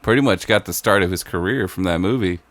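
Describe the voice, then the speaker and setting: A man co-hosting a podcast, chatting easily and trading quick reactions. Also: low voice, fairly bright tone, no echo. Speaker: podcast co-host. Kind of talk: casual chat.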